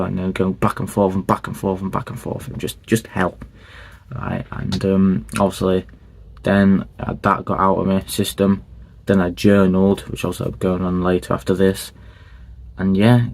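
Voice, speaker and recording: A young man, hosting a podcast and telling a personal story in a rambling, earnest way with many fillers and restarts. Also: low-pitched. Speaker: podcast host.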